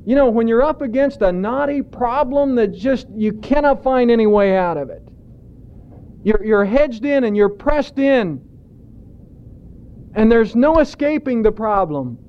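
A man preaching a sermon in a deliberate way, drawing out emphatic words. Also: very high-pitched, animated, smooth, lo-fi sound. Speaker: pastor.

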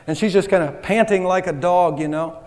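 A pastor delivers a sermon in a voice that sits high for a man, speaking fairly quickly with a slightly mellow tone. His manner is conversational and self-deprecating, and the church hall's long reverb rings around him over slight background noise.

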